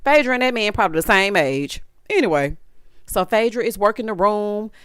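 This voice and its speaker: A woman giving a sassy, animated recap and review of a reality show, with lots of asides to the listener. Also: medium pitch, a little fast, clean tone, no room sound, studio quality. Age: adult, formerly married. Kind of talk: casual commentary.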